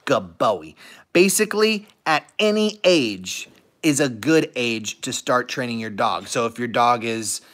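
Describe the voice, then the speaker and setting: A man's voice: mid-range voice, lively intonation, unhurried. Playful young man chatting on a livestream. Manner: playful, talks to his pets in soft baby talk and voices their thoughts. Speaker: livestream host with dogs. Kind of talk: casual livestream chat.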